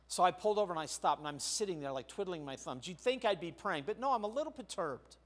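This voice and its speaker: A man's voice: on the high side, lively intonation, quick pace, few pauses. Older man preaching a story sermon. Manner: storytelling, with big swings of loudness. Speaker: pastor.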